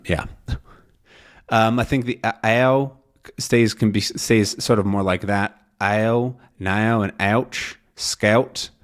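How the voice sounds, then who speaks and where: A man teaching English in a relaxed, casual way, thinking aloud with many ums and pausing to slowly demonstrate vowel sounds. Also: on the low side. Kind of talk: casual explanatory lesson.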